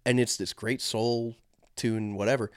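A man's voice: medium pitch, little pitch movement, a little slow, smooth, no room sound. A man co-hosting a casual podcast, telling stories at his own loose pace. He rambles, doubles back and fills gaps with "um" and "like." The mic is close and dry, with no room sound. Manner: rambling, many fillers and restarts. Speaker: podcast co-host. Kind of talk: casual chat.

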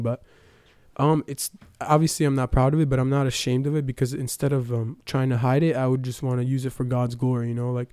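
A young man tells his church testimony in a relaxed, rambling way, leaning on fillers and retelling conversations. His voice is smooth and mellow, with little rise and fall. The sound is close and dry. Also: medium pitch, no echo. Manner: casual, storytelling with many fillers. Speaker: church youth member giving testimony. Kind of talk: personal testimony.

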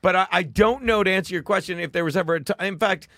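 A man's voice: sits high, quick pace, vocal fry, a bit bright, no echo, clean studio sound. A middle-aged man, a comedian guest, talking bluntly and profanely in casual podcast chat.

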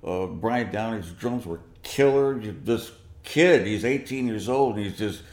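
A man being interviewed, telling a long anecdote in an animated way and acting out the dialogue. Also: lowish voice, measured pace, reverberant. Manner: animated, acts out quoted dialogue. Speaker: guest musician. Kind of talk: storytelling interview.

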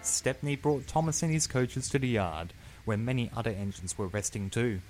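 Guy reading a kids train story, steady and expressive, music playing under it. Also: mid-range voice, normal speed. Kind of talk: storybook narration. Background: background music.

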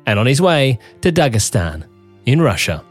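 A man narrating a documentary in a measured, scripted way. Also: mid-range voice, sing-song, faint music behind. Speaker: documentary host.

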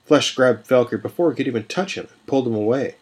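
A man narrating a scripted fantasy story in a measured, even reading. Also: medium pitch, slightly rough. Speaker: podcast storyteller.

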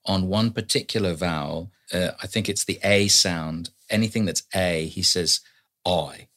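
A man, a voice actor and guest, chatting casually and dropping into quick impressions. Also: low voice. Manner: animated, breaks into quick impressions. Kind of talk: casual podcast chat.

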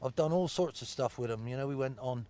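A man's voice: mid-range voice, fast, warm tone. A middle-aged man with a Bristol accent, a former footballer chatting casually, blunt and anecdotal, swearing freely and calling people mate. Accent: Bristol English. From Bristol, England. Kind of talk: casual chat.

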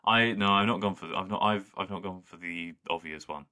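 A man's voice: deep voice, fairly quick, pushed and bright. A man co-hosting a podcast in casual chat, easygoing and rambling, often restarting his sentences. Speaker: podcast co-host.

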